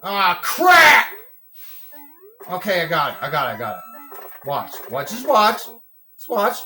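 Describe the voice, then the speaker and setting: A man from the US talks through a video game in a high, sing-song voice that swoops all over. He drawls slowly, whoops, and slips into rhymed boasts, with faint game music underneath. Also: wildly swooping pitch, bright, forceful tone, poor audio. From United States. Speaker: gamer. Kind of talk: casual gameplay commentary.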